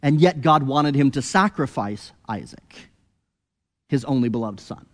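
A man preaching an expository sermon, earnest, rising to emphatic peaks and then dropping low and quiet. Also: animated, a little slow, long reverb tail.

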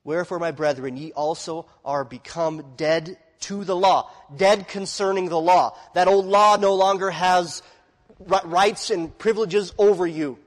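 A man with a high, bright voice preaches a sermon with dramatic swings from hushed asides to loud declarations. His voice carries a long reverb, as if recorded in a large hall. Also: fairly even intonation, a little slow. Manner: dramatic, swings from quiet to shouting.

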